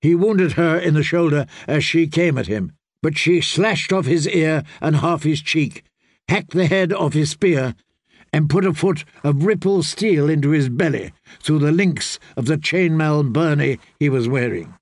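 Slow, gravelly male audiobook narrator. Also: fairly high pitch, no echo, studio quality. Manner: measured, deliberate storytelling.

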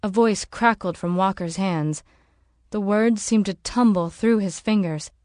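Brief: woman audiobook narrator, mid pitch, measured, dry close recording. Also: a little mellow, no room sound.

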